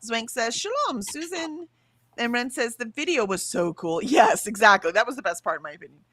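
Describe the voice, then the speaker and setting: A livestream host with a higher-leaning voice talks a little fast from her bed at home. Lively and chatty, she reads comments from the chat and frequently laughs.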